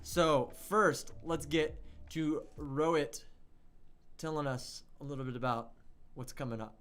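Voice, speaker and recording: A young man hosting an online radio livestream, chatty and excitable, reading viewer chat and hyping an upcoming release. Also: a little high, unhurried, clean tone. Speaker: online radio show host.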